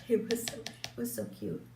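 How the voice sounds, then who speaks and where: An older woman chatting casually while doing her makeup, rambling, with lots of fillers, restarts and laughs. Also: fairly high pitch. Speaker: beauty vlogger. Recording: roomy, distant mic, faint hum.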